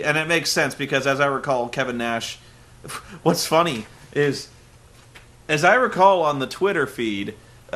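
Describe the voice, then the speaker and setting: A man hosting a comedic recap, sarcastic, animated and prone to ranting. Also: fairly high pitch. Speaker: host. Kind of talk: comedic recap of a wrestling show.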